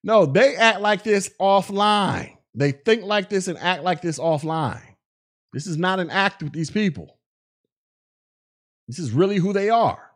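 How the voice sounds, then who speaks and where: Blunt, mocking podcast host with a higher voice. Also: male voice, animated, measured pace. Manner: blunt, mocking, laughs at his own jokes. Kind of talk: casual commentary.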